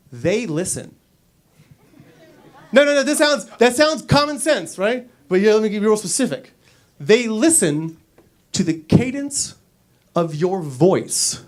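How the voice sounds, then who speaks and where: A man doing a stand-up comedy set in a club, acting out little scenes with silly voices. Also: sits high. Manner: animated, acts out characters with silly voices.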